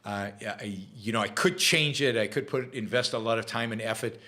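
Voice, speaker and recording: A man's voice: lowish voice, pushed and bright. Chatty Israeli-accented man hosting a live show. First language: Hebrew. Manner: chatty, halting with frequent fillers and restarts. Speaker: podcast host. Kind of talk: live-stream Q&A chat.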